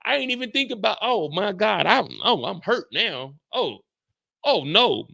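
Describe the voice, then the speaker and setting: Casting: male recap host, bright, gravelly, profane storyteller, dry close sound. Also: high voice, a little slow, no echo. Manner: loud, profane, animated, acts out dialogue. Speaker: show host.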